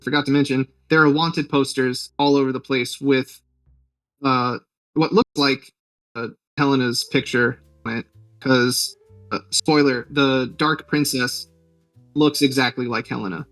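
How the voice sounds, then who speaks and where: A man's voice: mid-range voice, fairly even intonation, measured pace, fairly bright tone, no room sound, distant mic, faint music behind, rough recording. A man hosting a podcast, retelling a film's plot in a rambling, joking way with lots of fillers. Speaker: podcast host. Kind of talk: casual movie recap.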